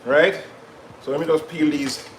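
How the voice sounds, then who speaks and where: A man's voice: a little high, fairly even intonation, unhurried, reverberant, background noise. Chatty man cooking live. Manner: chatty, patois-tinged asides to viewers. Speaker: cooking show host. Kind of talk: live cooking stream chat.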